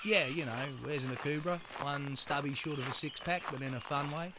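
A man's voice: fairly high pitch, fairly quick, close to an everyday voice. Man voicing a brash Aussie wombat, crude slang, noisy room tone. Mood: breezy. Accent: Australian. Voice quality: swearing, slangy, matey drawl. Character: foul-mouthed laid-back male wombat.

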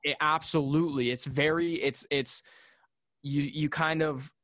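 Rambling man with a higher voice. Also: fairly even intonation, measured pace, a bit bright. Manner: rambling, emphatic, many fillers and restarts. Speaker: audio engineer and music producer guest. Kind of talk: casual podcast chat.

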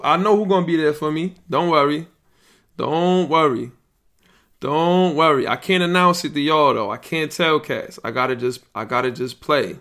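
A podcast host reacting live to a fantasy draft, excitable, yelling and laughing. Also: male voice, a little high.

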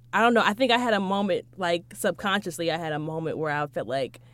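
A woman's voice: medium pitch, dry recording. A young woman co-hosting a casual chat, telling a story with lots of laughter and acting out her own outbursts. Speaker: podcast co-host.

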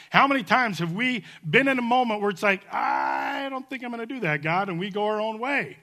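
A man preaching a sermon as pastor, fiery and emphatic, building to near shouts and then dropping soft and low.

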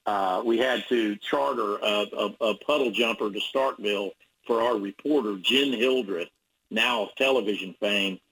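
A man's voice: fairly low pitch, normal speed, fairly bright tone, slightly rough, rough recording. A man, a sports reporter, telling stories in a casual radio interview, rambling with many fillers and restarts.

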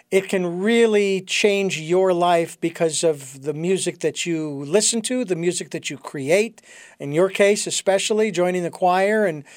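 A man hosting a conversation, talking haltingly with many fillers and restarts. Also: sits high, a little mellow, no echo, studio quality. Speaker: host. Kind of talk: casual conversation.

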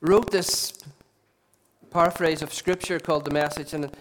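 Impassioned pastor preaching. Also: male voice, fairly high pitch, fairly even intonation, moderate pace, a little hiss or hum. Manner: impassioned, repetitive emphasis, drops to quiet asides. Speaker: lead pastor. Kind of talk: sermon. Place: church hall.

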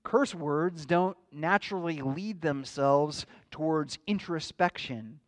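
A male pastor preaching a sermon in an earnest, measured teaching manner, asking his listeners questions. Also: a little high.

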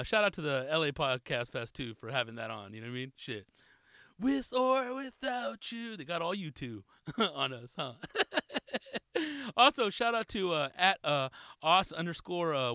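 A man hosting a podcast, reading off listener shout-outs in a loose, casual, profane way with frequent laughter. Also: fairly high pitch, smooth, dry recording, clean studio sound. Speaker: podcast host.

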